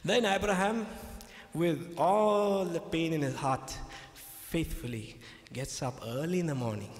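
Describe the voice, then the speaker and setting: A man with a somewhat high voice addresses a debate crowd as a pastor, retelling scripture with insistent emphasis. He repeats his key phrases and keeps checking that listeners follow. The sound carries the long, roomy reverb of a large hall. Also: a little mellow.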